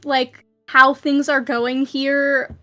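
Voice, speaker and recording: A woman's voice: sits high, little pitch movement, drawn-out words, sharp tone, soft background music. A woman playing a tabletop game, hesitant, with many fillers. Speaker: player.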